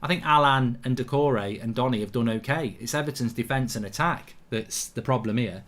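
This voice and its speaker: Excitable man hosting a football watchalong. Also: medium pitch, fairly quick. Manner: excitable, blunt, swears freely. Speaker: host of a live football watchalong. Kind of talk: casual live match commentary and chat reading.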